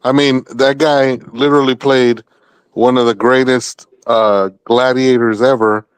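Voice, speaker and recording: A man in a casual group chat, speaking in a measured, matter-of-fact way. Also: mid-range voice, little pitch movement, smooth, no echo.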